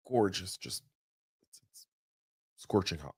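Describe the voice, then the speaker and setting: A man's voice: mid-range voice, moderate pace, no room sound, studio quality. Chatty man hosting a news podcast. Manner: chatty, energetic, folksy asides. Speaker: podcast host. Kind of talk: casual news commentary. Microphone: studio mic.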